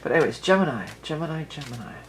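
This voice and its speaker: A woman's voice: low-pitched, very animated, rapid-fire, noisy background. A woman giving a casual tarot and astrology reading for her viewers, chatty and rambling, often restarting her sentences and laughing easily.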